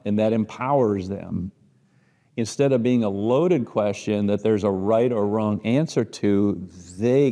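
Warm Midwestern man teaching a church class. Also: fairly low pitch, in a large hall. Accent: Midwestern American. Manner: conversational, rhetorical questions, frequent restarts.

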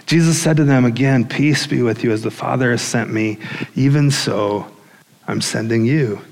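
Brief: male pastor, mid-pitched, casual storytelling sermon, voice ringing in a reverberant hall. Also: moderate pace, vocal fry, slight background noise. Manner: conversational, animated storytelling with acted-out quotes.

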